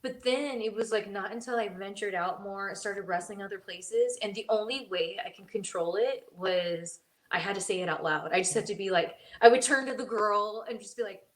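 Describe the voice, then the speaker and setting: A woman's voice: mid-range voice, normal speed, echoey room, poor audio. A woman co-hosting a podcast who wrestles, chatting and telling her stories with frequent laughter. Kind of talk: casual chat.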